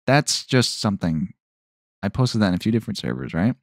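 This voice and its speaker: A man's voice: on the low side, big pitch swings, brisk, no echo. A man hosting a solo podcast, rambling and stopping himself mid-thought, in a dry tone that sounds sarcastic. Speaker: podcast host.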